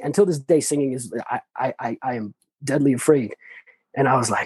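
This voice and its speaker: A man's voice: mid-range voice, fast, warm tone, slightly rough, no echo, low-quality recording. A man in an interview, telling a personal story in casual, loose, profane talk full of restarts. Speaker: interview guest.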